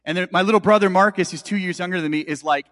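A male pastor delivers a sermon in a casual, storytelling manner. His voice sits high for a man. The recording carries the long reverb of a large hall. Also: very fast, fairly bright tone. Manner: storytelling, conversational with asides to congregation.

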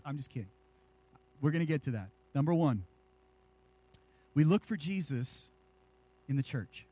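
A male pastor with a husky voice pitched notably high for a man preaches a lively sermon to his church at a measured pace, leaving long pauses. He brings animated energy and jokes with the congregation between scripture readings.

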